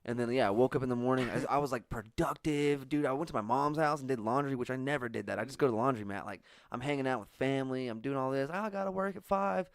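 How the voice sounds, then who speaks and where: A man's voice: mid-range voice, fast, few pauses, dry recording, studio quality. A man, hosting a casual podcast and telling rambling, profane stories. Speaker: podcast host. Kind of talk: casual storytelling chat.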